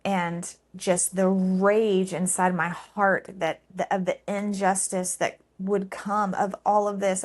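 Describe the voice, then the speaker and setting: A middle-aged woman recounting a painful personal story, halting and emotional, with frequent fillers. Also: mid-range voice.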